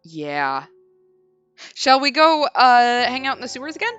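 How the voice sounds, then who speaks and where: Bright, lively woman playing through a game. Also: high voice, a little slow, clean tone, dull audio, faint music behind. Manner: chatty, giggly, reads on-screen text in a storytelling tone. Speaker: let's play host. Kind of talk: casual game commentary, reading game text aloud.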